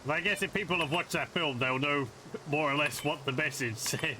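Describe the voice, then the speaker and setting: A man's voice: fairly high pitch, fairly quick, noisy background. A man casually commenting as he plays a video game, musing aloud in a wry, self-amused way. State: has the hiccups. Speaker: let's play gamer.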